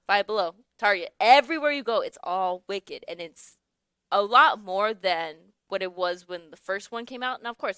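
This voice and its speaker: Bright, chatty young woman radio host. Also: mid-range voice, clean tone, no room sound. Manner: chatty, laughs often, trails off searching for words. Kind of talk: casual chat. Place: radio studio. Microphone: studio microphone.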